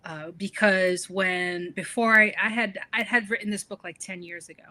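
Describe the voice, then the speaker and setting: Bright-voiced woman telling her story. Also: mid-range voice, normal speed. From northern United States. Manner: chatty and animated, laughing as she tells stories. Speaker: author guest. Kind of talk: casual interview conversation.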